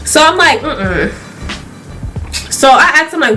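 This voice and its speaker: A young woman with a high, bright voice spins a lively story-time tale for her channel, laughing through it and playing out the people she quotes. Soft music plays faintly beneath her talk. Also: slow. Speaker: YouTuber.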